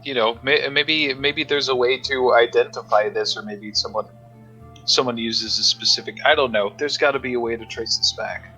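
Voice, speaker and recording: Bright-toned man thinking aloud. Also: medium pitch, normal speed, faint music behind, poor audio. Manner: musing, unsure, thinks aloud. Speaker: player. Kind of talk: casual tabletop play.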